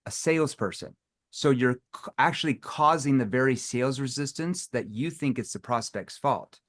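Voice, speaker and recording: A man's voice: medium pitch, moderate pace. A man running a live sales training session, talking to the audience and acting out phone calls in playful voices. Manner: animated, acts out phone calls with playful tones.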